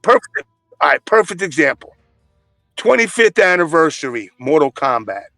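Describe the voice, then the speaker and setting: A man's voice: on the high side, very animated, moderate pace, creaky, sharp tone, dry recording, soft background music. A man in casual podcast chat, telling stories in a blunt, profane way.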